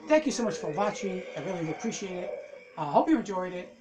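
A man giving casual let's-play commentary, excitable and swearing as he rants at the game. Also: high voice, fast talker, background noise. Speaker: gameplay commentator.

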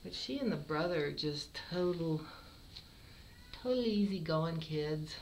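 Slow-talking woman cat breeder. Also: sits low, animated, a little hiss or hum, rough recording. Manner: warm, fond, unhurried. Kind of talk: casual kitten showcase.

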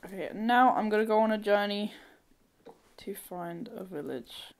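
A woman giving casual let's-play commentary, thinking aloud, swearing freely and breaking into sudden excited squeals. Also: mid-range voice, unhurried. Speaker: gamer.

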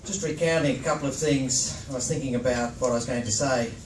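A man's voice: medium pitch, fast, background noise. Jovial Australian man in his 60s. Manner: jovial storytelling, chuckles often. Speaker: reunion speaker. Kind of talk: humorous after-dinner speech. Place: large function room at a dinner. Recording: echoey hall from far off with crowd.

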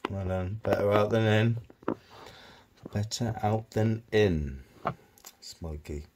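A man talking softly and coaxingly to his pet hedgehog in a casual vlog. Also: takes it slowly, noisy background. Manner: soft, coaxing, low-key murmuring to his hedgehog. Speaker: pet keeper vlogger.

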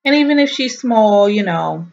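A woman's voice: medium pitch, expressive, moderate pace, gravelly, lo-fi sound. A young pregnant woman chatting in a rambling, casual vlog update, a little stuffy-nosed and short of breath, with frequent ums and likes. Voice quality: nasal, stuffy. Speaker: vlogger.

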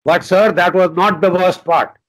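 An older man with an Indian English accent, a retired army general telling war stories in an interview, forceful and animated, acting out dialogue and swearing casually. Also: high-pitched, moderate pace, poor audio. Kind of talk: anecdotal interview storytelling.

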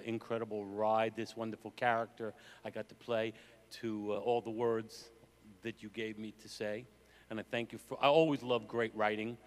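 A man actor on a convention panel giving a halting, emotional thank-you speech. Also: fairly low pitch. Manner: halting, emotional, searching for words. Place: convention hall.

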